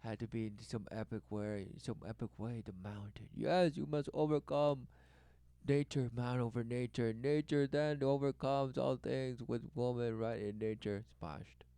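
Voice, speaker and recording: Gravelly guy ranting and muttering, piles up repeated words, dry close sound. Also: fairly even intonation, normal speed, few pauses, no room sound. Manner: swings from loud exclaiming to low muttering; repetitive, breathless wordplay. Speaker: commentator reacting to a documentary. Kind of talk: rambling spoken commentary.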